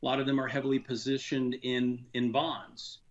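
A man's voice: mid-range voice, level tone, normal speed. Man, earnest frustrated talk, fillers and restarts, muffled lo-fi sound. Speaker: financial advisor guest. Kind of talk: casual radio talk.

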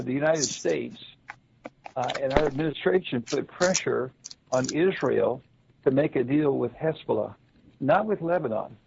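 A man speaking as a guest on a broadcast discussion, halting and full of fillers and restarts, with a gravelly, husky voice. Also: mid-range voice, dark tone. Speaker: guest commentator. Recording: slightly dull, lo-fi sound.

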